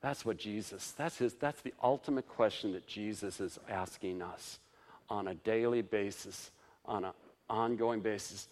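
A man's voice: fairly low pitch, a little slow. Chuckling, conversational male pastor preaching. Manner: informal and conversational, chuckles between points; lively, swings up for emphasis and down for tender asides. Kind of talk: sermon.

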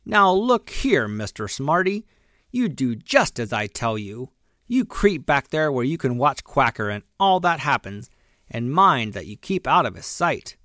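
A man's voice: mid-range voice, animated, normal speed, no room sound, clean studio sound, close to an everyday voice. A man doing stern old Granny Fox. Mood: scolding. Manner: firm, scolding. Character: sharp-tongued old female fox, Granny.

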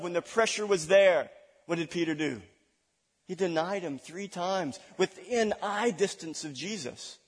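A man preaching a sermon, dramatic, swinging between loud declarations and hushed asides. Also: a little high. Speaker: pastor. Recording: long reverb of a large hall.

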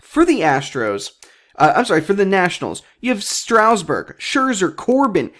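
A man's voice: high voice, huge pitch swings, normal speed, a bit bright. A young man hosting his own sports podcast, chatting casually in a jokey, self-deprecating way that rambles and restarts. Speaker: podcast host.

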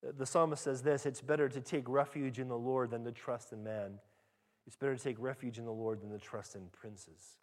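A man preaching a sermon as pastor, rising loud and high when reading scripture and dropping soft and low when he applies it. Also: steady tone, moderate pace. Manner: dynamic preaching, pitch and volume rising sharply when reading scripture aloud.

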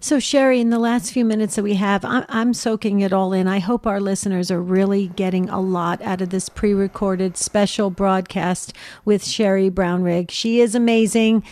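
An enthusiastic woman co-hosts a radio talk show and asks long, rambling questions. Her voice is dry and close from a studio microphone. Her pitch sits in an ordinary middle range. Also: fairly even intonation, normal speed, hardly any pauses, a little mellow, no room sound.

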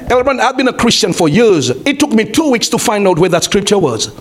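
A man preaching a sermon as pastor, repeating his phrases, calling to the congregation and rising to shouts. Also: sits high, big pitch swings, fairly quick. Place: church.

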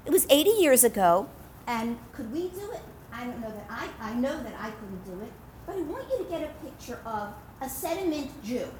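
Woman lecturer, high-pitched, lively storytelling style with emphatic repeats, faint background noise. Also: normal speed. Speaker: speaker addressing women. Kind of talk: religious storytelling talk.

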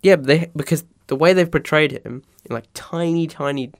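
A man co-hosting a film review podcast, eager and quick to laugh in casual chat. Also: on the high side. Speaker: podcast co-host.

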